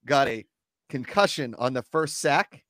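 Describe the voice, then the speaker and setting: Animated ranting man in his twenties. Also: mid-range voice, unhurried, no echo, clean studio sound. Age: 20s. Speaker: podcast co-host. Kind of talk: casual sports chat.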